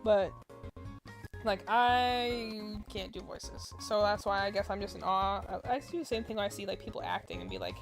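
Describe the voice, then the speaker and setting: A woman's voice: medium pitch, huge pitch swings, fast talker, hardly any pauses, music in the background. A woman chatting casually while she crochets on a stream, rambling with lots of filler words and muttering stitch counts under her breath. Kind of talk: casual chat.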